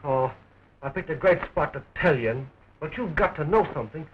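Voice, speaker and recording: A man's voice: a little high, expressive, fairly quick, breathy edge. An actor playing a joking young man who fights to free his sweetheart, in early talkie film style, with a dull, scratchy 1920s film sound.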